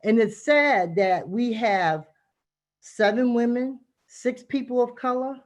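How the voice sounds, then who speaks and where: A woman's voice: fairly high pitch, slow. A middle-aged woman, a community activist giving impassioned, emphatic testimony at a city hearing over a video call. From Boston, Massachusetts.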